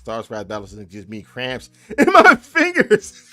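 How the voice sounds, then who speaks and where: A man's voice: medium pitch, pushed and bright. Laid-back joking man streaming. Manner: loose, joking, laughs often, talks to chat. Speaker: game developer streamer. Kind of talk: casual live stream chat.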